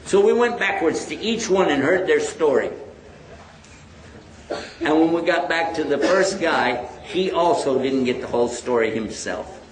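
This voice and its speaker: Man, Islamic lecturer, animated storyteller, slightly high voice, echoey hall. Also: measured pace. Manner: animated storytelling, acting out dialogue.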